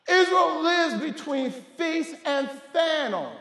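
A male pastor preaching a fervent sermon, often shouting and repeating words as he stammers. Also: very high-pitched, expressive, a little slow, vocal fry. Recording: echoey church hall.

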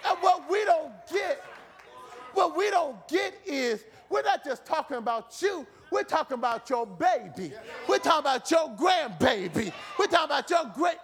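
A man preaching a fervent sermon in a church, shouting and repeating phrases. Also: very high voice, expressive, normal speed, faint music behind, a faint crowd.

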